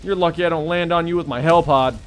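A man voicing a gruff drill sergeant in a put-on American Southern accent, barking scolding orders. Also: fairly high pitch, fairly even intonation, quick pace, faint music behind, voice pushed down, lightly acted.

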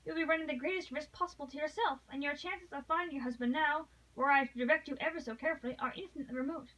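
A woman voicing an earnest, loyal young English gentleman in formal period speech, read aloud from a novel. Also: high-pitched, very fast, recorded from a distance, rough recording.

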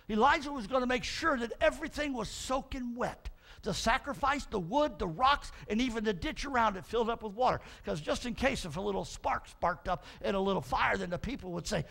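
The preacher, a middle-aged man, has a high, gravelly voice and talks fairly quickly. His sermon is full of animated Bible storytelling, with the figures acted out and the energy climbing to shouts.

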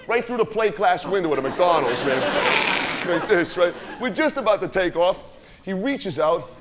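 On a theater stage, a man with a high, expressive voice plays a swaggering, foul-mouthed street kid, boasting through a rowdy party story at a moderate pace and constantly asking "right?". Heavy background noise fills the live character monologue.

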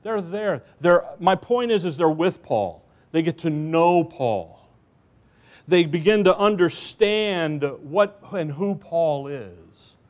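A man's voice: on the high side, animated, slow pace, darkish tone. Folksy man preaching a sermon. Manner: folksy storytelling with asides.

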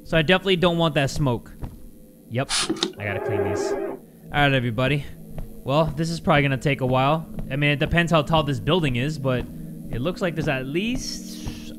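Jokey man with a lively voice. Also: fairly high pitch. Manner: jokey, animated, talks to viewers. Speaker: gaming YouTuber. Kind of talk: casual horror game commentary. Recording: game music playing behind. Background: game music and sound effects.

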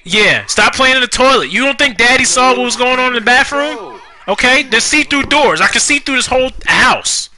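Young man, casual gaming commentary, high voice, lively swings, profane, fussing at game characters. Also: normal speed. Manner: animated, profane, talks to the game characters, rhymes jokingly. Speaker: gaming YouTuber. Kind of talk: casual Let's Play commentary.

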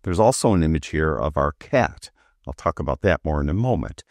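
A man walking through a software feature in a casual screen-recorded tutorial, talking while he clicks, with relaxed fillers. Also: extremely low pitch, a little fast, no room sound, clean studio sound.

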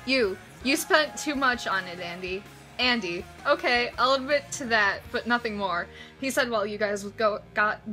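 A young woman with a fairly high, bright voice reads a story aloud into a home mic. She keeps stopping to giggle and toss off sarcastic remarks, with faint music underneath. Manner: giggly, sarcastic asides between read passages. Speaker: YouTuber reading fan fiction. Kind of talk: casual reading aloud with commentary.

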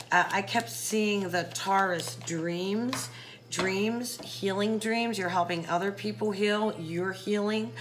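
A woman with a fairly low voice talks through a tarot reading in a relaxed, chatty way. She speaks directly to her viewers and fills the gaps with ums and you-knows. A faint ambient hum sits under the recording. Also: rough recording. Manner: chatty, addresses viewer by sign, many fillers. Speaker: psychic tarot reader. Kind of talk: casual tarot reading to camera.

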